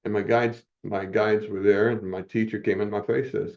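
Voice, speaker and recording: A man as a guest giving an earnest, halting personal testimony, often moved as he speaks. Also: lowish voice, little pitch movement, vocal fry, highs cut off.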